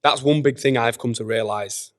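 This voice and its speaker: A man from Leeds, a guest personal trainer, chatting frankly and swearing casually, with plenty of quick yeahs. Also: medium pitch. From Leeds, England. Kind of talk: casual chat. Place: gym.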